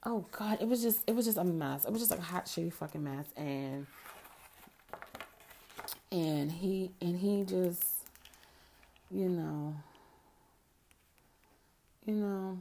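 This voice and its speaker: Gravelly, profane middle-aged woman. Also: fairly low pitch, slow pace, pauses often. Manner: frank and profane, animated when riled up. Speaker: podcast host. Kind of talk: casual storytelling chat.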